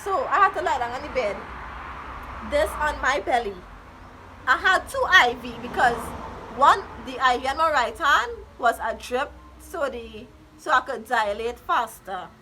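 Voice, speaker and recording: A woman vlogger telling a story in a casual storytime style, animated and dramatic, often quoting other people in her retelling. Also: high voice, a little slow, background noise.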